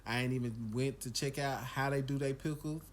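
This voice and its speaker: A man's voice: medium pitch, brisk, a little hiss or hum. Sleepy, full man drawling to y'all. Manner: relaxed, drawling, repeats himself, talks to viewers as y'all. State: sleepy and full after eating. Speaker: food vlogger. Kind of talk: casual food review vlog.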